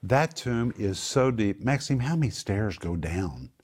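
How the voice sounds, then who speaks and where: A middle-aged man hosting a casual chat, telling stories with rising excitement. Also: lowish voice, unhurried, husky. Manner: animated storyteller, voice rising with excitement. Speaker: host.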